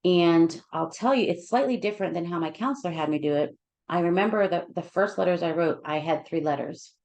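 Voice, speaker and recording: A counselor sharing a personal story with listeners, emotional and near tears, talking in a heartfelt, halting way with many restarts. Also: female voice, fairly low pitch, a little mellow.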